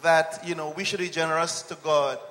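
A man's voice: fairly high pitch, fairly even intonation, a little fast, a bit bright, long reverb tail. A man, a church musician, speaking earnestly on a television appeal. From Trinidad. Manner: earnest, preachy.

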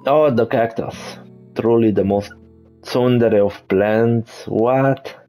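A man's voice: medium pitch, steady tone, slow pace, dull audio, soft background music. A man playing a video game as host, making wry joking asides in casual commentary. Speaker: let's play host.

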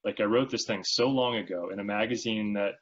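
A male magazine writer talking as a podcast guest in casual interview chat, telling rambling, animated stories with many restarts. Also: on the low side, brisk, dull audio.

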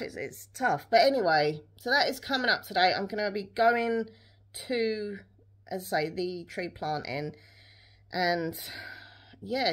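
A young woman, chatting casually to camera in a rambling day-in-the-life vlog, full of fillers and restarts. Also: medium pitch. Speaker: vlogger.

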